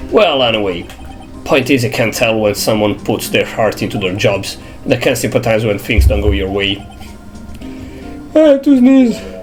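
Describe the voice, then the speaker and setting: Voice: medium pitch, moderate pace, soft background music. A streamer with a cold casually reading a game's dialogue aloud and commenting between lines, with some swearing. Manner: casual, swears, reads text half-aloud. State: sniffly with a cold, coughing.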